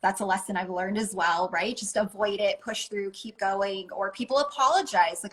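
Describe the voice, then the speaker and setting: A woman, a life coach, talking as a guest in a casual interview, earnest and enthusiastic and quick to laugh. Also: mid-range voice, a bit bright, low-quality recording.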